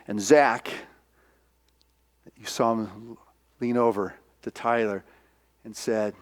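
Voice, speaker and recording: A male minister giving a sermon, retelling a film scene by scene in an animated, storytelling way. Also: on the low side, slow.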